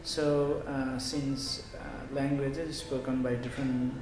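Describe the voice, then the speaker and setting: A man with a Nepali accent giving a measured lecture, with frequent fillers. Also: mid-range voice, level tone. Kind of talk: lecture on language policy. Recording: echoey room with clear noise.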